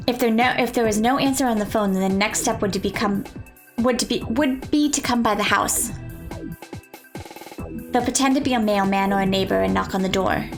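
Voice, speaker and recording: A woman reading a visual novel aloud, with playful joking asides to her listeners. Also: mid-range voice.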